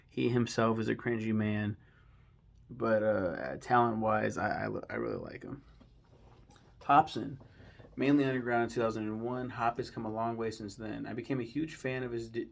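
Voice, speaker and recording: Gravelly-voiced man ranting casually. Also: fairly low pitch. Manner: blunt, profane and mocking. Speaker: channel host. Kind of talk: casual rap commentary.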